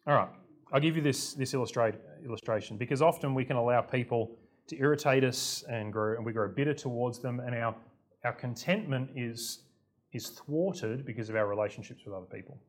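A man's voice: mid-range voice, fairly quick. A man preaching a sermon to his congregation, chatty and self-deprecating, often stepping into the voices of the people in his stories. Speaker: pastor.

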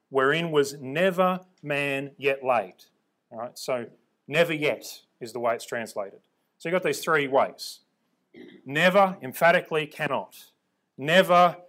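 A man's voice: medium pitch, a bit bright. A man preaching and teaching from the Bible, emphatic, repeating words for stress and checking in with his listeners.

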